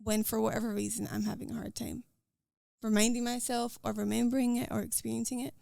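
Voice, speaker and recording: A woman with a Scottish accent, a podcast guest talking earnestly and quickly about her faith and daily life. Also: fairly high pitch, level tone, creaky, mellow, dry recording, studio quality. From Scotland. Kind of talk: casual interview chat.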